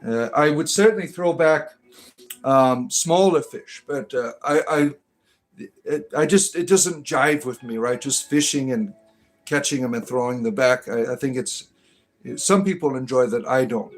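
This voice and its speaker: A middle-aged man hosting a casual livestream, rambling and halting with many fillers and restarts. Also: medium pitch, rough recording. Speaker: livestream host.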